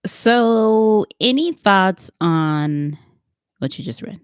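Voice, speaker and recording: A woman's voice: medium pitch, expressive, drawn-out words, dry recording, studio quality. A woman co-hosting a podcast, explaining things carefully and steering the talk with questions to her partner. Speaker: podcast co-host.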